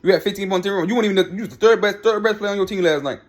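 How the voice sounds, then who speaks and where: A man's voice: high voice, rapid-fire. A man ranting heatedly about sports in a vlog, repeating himself and talking back to people by name. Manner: fired-up, repetitive, talks back to people by name. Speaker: sports commentary vlogger. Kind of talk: heated opinion rant.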